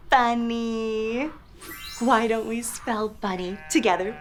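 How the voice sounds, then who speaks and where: A woman's voice: a little high, takes it slowly, soft background music. A young woman hosting a toddler learning show, playful and exaggerated, spelling words letter by letter with laughs and gasps. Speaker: children's educational host. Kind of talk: slow, sing-song toddler teaching with animal sounds.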